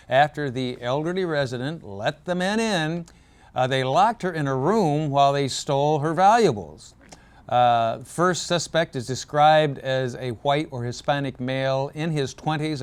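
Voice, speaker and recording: A man hosts a community news program and reads the local stories. He keeps it loose and joking, fills pauses with "uh" and corrects himself as he goes. His voice is going hoarse. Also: a little high. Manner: relaxed, joking, with fillers and self-corrections. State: losing his voice. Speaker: news show host.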